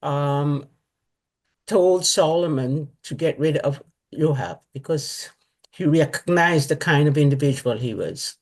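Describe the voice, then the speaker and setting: A woman in a study class offering a short comment, a little halting as she speaks. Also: low voice, animated, darkish tone. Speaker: class participant. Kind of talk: question-and-comment time in a class.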